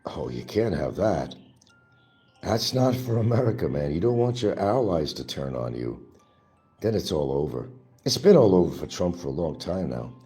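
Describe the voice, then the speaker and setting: Man, deep mellow voice, lively swooping pitch, angry profane rant, soft music behind. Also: moderate pace. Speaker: livestream host. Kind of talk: ranting political monologue.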